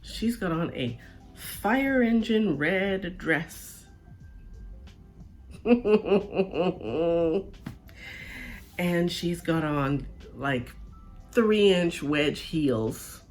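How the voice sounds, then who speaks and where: A woman telling a personal story in a casual, chatty way, often checking in with the listener. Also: medium pitch. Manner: chatty, animated, keeps checking in with "right?" and "okay?".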